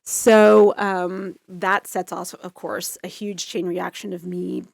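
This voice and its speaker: A woman in her forties, an interview guest, telling her story in a loose, rambling, animated way. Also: fairly low pitch, slow pace, vocal fry, no room sound, clean studio sound. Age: 40s. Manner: rambling, full of "like" and restarts, animated.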